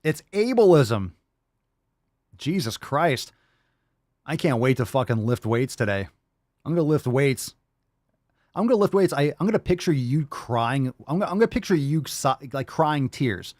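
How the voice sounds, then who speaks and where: A man's voice: mid-range voice, animated, moderate pace, no room sound, studio quality. A man hosting a podcast, ranting and mocking a clip in a brash, profane way. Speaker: podcast host. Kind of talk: ranting reaction commentary.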